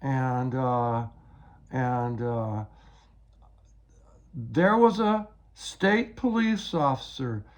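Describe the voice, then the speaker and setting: A man's voice: mid-range voice, drawn-out words, long pauses. An older man giving a rambling, agitated personal account, often repeating words as he retells events.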